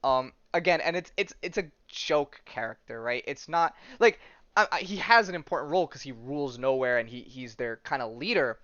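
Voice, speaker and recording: Hosting a casual podcast chat, a man speaks fairly quickly with lively intonation at a medium pitch, his tone a little bright. He rambles with plenty of fillers and restarts, and the recording sounds dull and dry.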